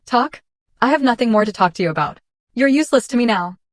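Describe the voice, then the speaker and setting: A woman's voice: fairly high pitch, animated, fast, no room sound, studio quality, natural voice. A woman voicing a cruel young husband in a storytime reading, snapping and scornful.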